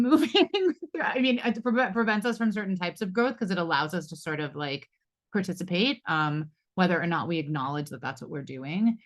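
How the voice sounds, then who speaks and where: A woman in her forties moderating a live roundtable, talking reflectively with many fillers and asides. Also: sits low. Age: 40s. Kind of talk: live panel discussion.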